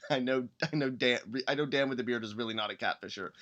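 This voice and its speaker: A man's voice: medium pitch, brisk, a bit bright, dull audio. Rambling, upbeat man hosting a stream. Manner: rambling, upbeat, hums while searching rules; reads rules text aloud between asides. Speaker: podcast host building a game character. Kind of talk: casual live-stream chat.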